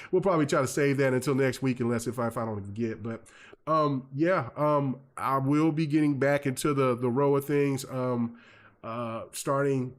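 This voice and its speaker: A man hosting a gaming podcast, telling stories in a lively, rambling way full of fillers and restarts. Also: medium pitch. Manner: animated storyteller, many fillers and restarts. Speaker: podcast host. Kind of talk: casual chat.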